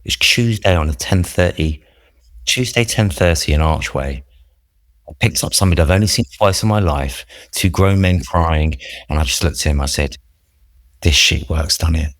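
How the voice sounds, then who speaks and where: A man's voice: deep voice, normal speed, dry recording, studio quality. A man, a podcast guest, telling his recovery story in an earnest, reflective, rambling way with many restarts.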